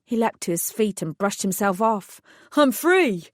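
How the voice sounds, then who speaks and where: A woman's voice: medium pitch, fairly even intonation, normal speed, dry recording, studio quality. Composed woman narrating a fantasy audiobook. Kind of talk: first-person fantasy narration.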